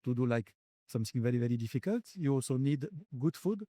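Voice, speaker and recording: A man with a French accent and a mellow, soft-edged tone, speaking English as a second language. He answers interview questions slowly and haltingly, pausing often to find his words. The recording is close and dry, with little room sound. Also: medium pitch, animated, dry recording. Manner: halting, searching for words with many pauses. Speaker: company founder and guest. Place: conference venue.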